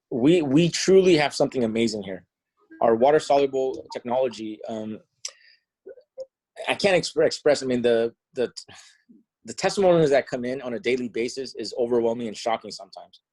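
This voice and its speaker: A man speaks for the company on a group call, stumbling and repeating himself as he searches for words. His voice sits at an ordinary middle pitch. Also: lively intonation, a little mellow, rough recording. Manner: halting, repeats words and restarts. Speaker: company representative. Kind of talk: product talk in a group call.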